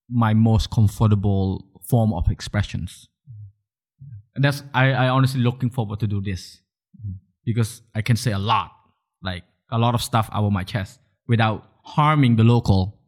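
Male podcast host, low-ish voice, loose and chatty. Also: fairly even intonation, a little slow, darkish tone. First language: Khmer. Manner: chatty, many restarts and "like" fillers, bursts of laughter. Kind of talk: casual interview chat.

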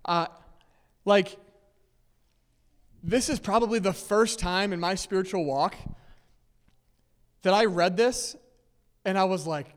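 Guy preaching in a church, high voice, lots of "okay?" and "right?", long hall echo. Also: slow pace, long pauses, smooth. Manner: conversational, many "okay?" and "right?" checks; laughs lightly between points. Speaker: pastor. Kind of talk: sermon. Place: church sanctuary with long reverb.

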